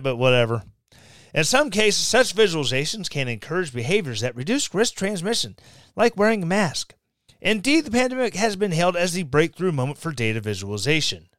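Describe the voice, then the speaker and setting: A man's voice: fairly high pitch, a bit bright, clean tone, dry recording. A man hosting a podcast, reading a news article aloud and breaking in with sarcastic, mocking asides. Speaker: podcast host. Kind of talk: casual commentary.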